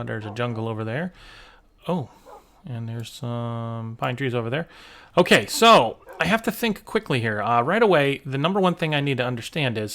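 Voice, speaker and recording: A man's voice: mid-range voice, fairly bright tone. A man casually talking through rules and gameplay as a gaming channel host, rambling with fillers and restarts. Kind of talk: casual let's-play commentary.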